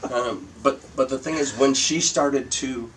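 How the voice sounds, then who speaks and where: An older comedian from Michigan, telling profane anecdotes in a casual interview and acting out quotes. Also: male voice, medium pitch, unhurried, far from the mic, a little hiss or hum, low-quality recording. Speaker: guest comedian. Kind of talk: casual storytelling chat.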